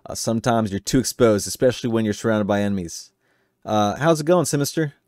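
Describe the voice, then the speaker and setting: A man's voice: on the low side, lively intonation, quick pace, darkish tone, no echo, clean studio sound. A man doing casual, rambling let's-play commentary, chatting with his viewers and mocking himself while he plays. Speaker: gaming streamer. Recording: noisy stream audio with game sounds.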